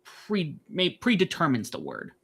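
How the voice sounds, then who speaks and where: A man with a bright, forceful tone and a slightly raised pitch, co-hosting a casual wrestling chat. He jokes easily and lets sentences trail into fillers. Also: measured pace, creaky, slightly rough. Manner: relaxed, jokey, trails off with fillers. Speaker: podcast co-host.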